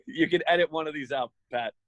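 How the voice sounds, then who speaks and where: A man's voice: fairly high pitch, wildly swooping pitch, normal speed, fairly bright tone, no echo, rough recording. Laid-back man telling a funny story. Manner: laid-back, amused, self-mocking storyteller. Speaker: arena emcee. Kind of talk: casual storytelling on a panel.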